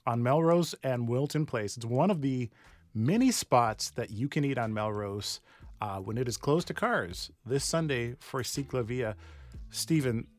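A man's voice: medium pitch, measured pace, dry recording. Enthusiastic male radio host tasting food. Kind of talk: live on-location radio interview. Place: restaurant.

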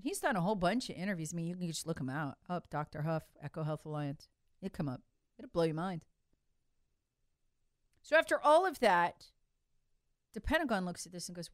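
Sarcastic woman, very lively pitch. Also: fairly quick, long pauses, dry recording, studio quality. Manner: sarcastic, swinging from loud outbursts to muttered asides; acts out mocking voices of others. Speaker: political commentary host. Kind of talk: opinion monologue.

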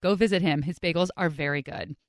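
A woman podcast host narrating in a chatty, expressive way. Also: on the low side, fast talker, dry recording, clean studio sound. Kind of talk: scripted narration.

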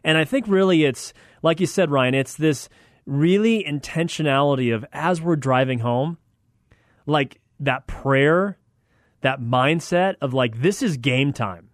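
A man's voice: a little high, measured pace, no echo, clean studio sound. A man hosting a faith-based radio talk show, speaking in an earnest, encouraging way.

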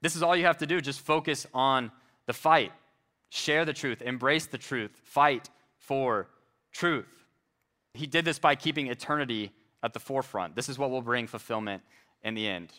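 Bright-voiced man preaching earnestly. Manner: earnest preaching, slows and drops low on key phrases. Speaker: pastor. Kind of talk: sermon.

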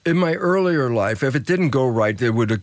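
An older man speaks as an interview guest, teaching through stories and voicing the people in them. His pitch leaps high and drops low for emphasis. The sound is close and dry. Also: lively intonation, fairly quick, no echo. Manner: acts out quoted dialogue, swings pitch widely for emphasis. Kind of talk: animated storytelling explanation.

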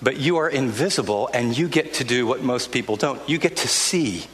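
The older pastor's mid-range voice is expressive and a bit bright, moving at normal speed. He preaches earnestly and conversationally in the church sanctuary, often starting sentences over, with long hall reverb and faint ambience around him.

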